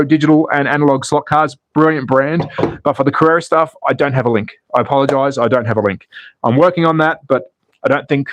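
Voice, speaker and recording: A man's voice: fairly high pitch, dry recording. An Australian man hosting a slot car racing livestream, calling the races and chatting to viewers in a jokey, casual way. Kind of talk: live race commentary and viewer chat.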